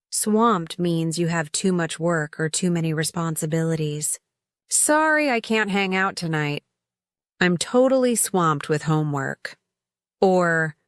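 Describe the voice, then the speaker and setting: A woman's voice: fairly low pitch, dry recording, studio quality. A woman narrating a scripted lesson on English slang, lifting her voice for each example phrase. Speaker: English teacher.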